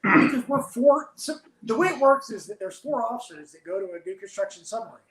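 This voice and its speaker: A man, a former submarine officer, telling lively stories as a podcast guest and laughing often. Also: very high-pitched, fairly quick, reverberant, rough recording. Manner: animated storyteller, laughs while telling. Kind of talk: storytelling in casual podcast chat.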